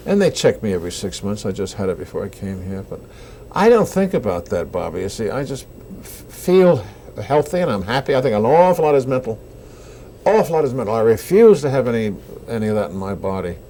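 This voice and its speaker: An older actor being interviewed, telling animated anecdotes and acting out the lines people said to him. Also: male voice, lowish voice, brisk, slight background noise. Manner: animated anecdotes with acted-out quotes. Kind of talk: casual interview storytelling.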